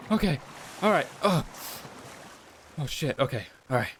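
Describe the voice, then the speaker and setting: A man doing live gameplay commentary on a desk mic at home, excitable and cursing as he yells at enemies. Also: on the high side, measured pace, long pauses, a little hiss or hum. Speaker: gaming YouTuber. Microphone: desk condenser mic.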